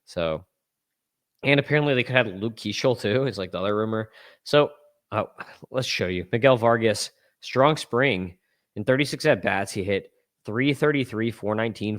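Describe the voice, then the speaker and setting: A man with a somewhat low voice hosts a casual sports podcast, talking through numbers as he scrolls. He rambles, catches and corrects his own slips, and chuckles at his own asides. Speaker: fantasy baseball podcast host. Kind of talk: casual analysis while screen-sharing stats.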